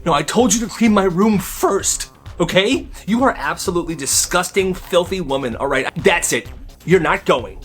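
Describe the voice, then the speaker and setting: A bratty sixteen-year-old girl, as a man puts her on, whiny and snobbish, her voice pushed up high and swinging wildly. She sounds like a storybook mean girl told aloud. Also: lively intonation, normal speed, faint music behind. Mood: sneering.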